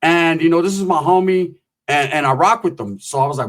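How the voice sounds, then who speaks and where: A man spins a long, rambling story, cursing freely and dropping slang. His voice sits a bit higher than most men's. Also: fairly quick. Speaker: comedic storyteller. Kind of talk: casual storytelling.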